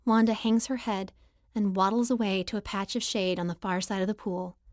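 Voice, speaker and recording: A woman reading a first-person romance novel aloud as audiobook narrator, in a lively, expressive style. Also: medium pitch, fairly quick, dry recording, clean studio sound.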